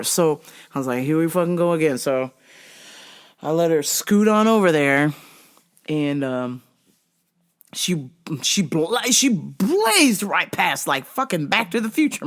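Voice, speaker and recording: A woman hosting a podcast, telling a comedic story with lots of swearing and laughter. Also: lowish voice. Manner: animated, swears freely, laughs often. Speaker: podcast host.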